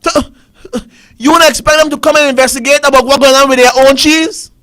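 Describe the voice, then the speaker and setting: Male Caribbean talk host, very high bright voice, heated ranting commentary. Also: steady tone, fairly quick. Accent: Caribbean English. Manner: ranting, repetitive, rhetorical questions. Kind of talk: fiery political commentary.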